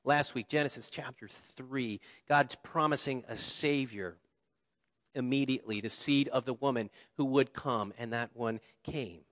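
A male pastor delivers a sermon, leaning on slow, emphatic repetitions and dropping to near-hushed endings. His voice sits at an ordinary middle pitch. It carries through a large church space with a long, lingering reverb. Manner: preaching with slow emphatic repetitions and dramatic drops in volume.

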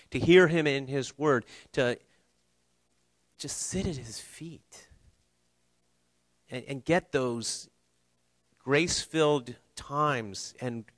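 In a church sanctuary, a male pastor with a mid-range, fairly bright voice preaches a sermon. He's earnest and conversational, adding light humor and small restarts, and the recording is dry.

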